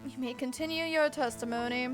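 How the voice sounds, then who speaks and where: A woman voicing a calm, formal older male judge in a courtroom game. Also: high voice, a little fast, music in the background, lightly acted.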